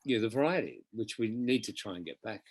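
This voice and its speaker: A middle-aged singer in a casual interview, telling chatty, animated anecdotes about his career. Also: on the low side, fast talker, slightly rough, no echo. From Australia. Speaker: interview guest, musical theatre singer.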